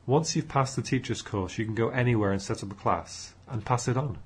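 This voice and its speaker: A man's voice: mid-range voice, brisk, slightly rough. Man voicing an eager young male group leader. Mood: enthusiastic. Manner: rousing, addressing a room.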